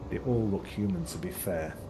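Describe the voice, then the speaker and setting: Game master, male, low voice, rambling narration, noisy background. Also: normal speed, dark tone. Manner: loose, rambling, heavy on fillers.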